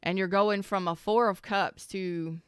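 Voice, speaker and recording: A woman's voice: medium pitch, fairly even intonation, unhurried, clear, resonant tone, no echo, clean studio sound. A woman giving a casual, heartfelt tarot reading, talking straight to the listener in an earnest, emotional way, often repeating herself and swearing now and then. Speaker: tarot reader.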